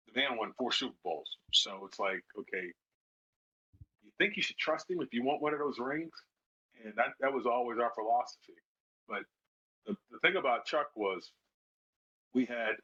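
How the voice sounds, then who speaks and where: A middle-aged man, a former football player, telling lively stories in a casual interview and acting out the people he quotes. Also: on the low side, breathy edge. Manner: animated storyteller who acts out quoted voices. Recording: slightly dull lo-fi sound.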